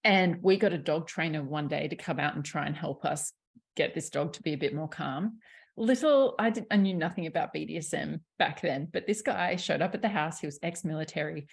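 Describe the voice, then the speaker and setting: A woman who works as a sexuality coach speaks fairly quickly in a low, husky voice during a laid-back podcast conversation. Open and animated, she's frank, curses without hesitating, and laughs easily.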